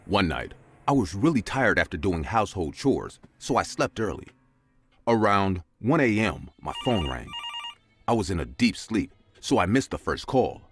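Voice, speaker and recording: A man's voice: sing-song, normal speed. A man narrating a scary story in a dramatic scripted style. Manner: dramatic, with big swings of pitch.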